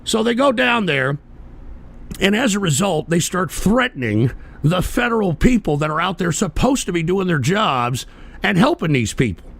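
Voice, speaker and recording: A man hosting a political talk radio show, ranting angrily and profanely at the listeners, sometimes shouting. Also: sits high, very animated, normal speed, creaky. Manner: mocking voices of people he derides.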